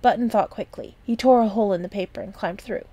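A woman narrating a children's chapter book aloud. She keeps a soft, gentle reading voice, sometimes dropping almost to a whisper. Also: mid-range voice, quick pace, no echo. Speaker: storyteller.

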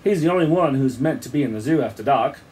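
A man voicing a brisk, commanding old great-uncle in a read-aloud story. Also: mid-range voice, lively intonation, a little mellow, a little hiss or hum, natural voice.

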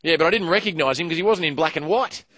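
A man's voice: on the high side, fast, very noisy. A man with an Australian accent doing punchy stand-up one-liners on stage before a live audience. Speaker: stand-up comedian. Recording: live stage with loud crowd laughter.

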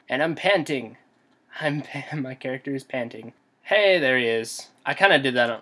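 Husky-voiced nervous young gamer guy. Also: mid-range voice, moderate pace, sharp tone. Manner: jumpy, nervous, talks to himself. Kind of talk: let's play commentary.

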